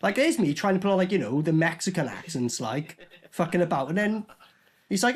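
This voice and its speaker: A man's voice: high-pitched, animated, a little fast. A young man giving sweary, mocking casual commentary while reviewing a film. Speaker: movie reviewer.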